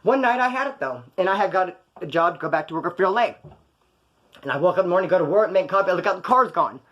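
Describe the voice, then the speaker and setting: The sound is lo-fi, and the man's high-pitched voice is animated, quick and a bit bright. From California, he recounts outrageous stories from his past with slang and swearing, voicing the characters he quotes.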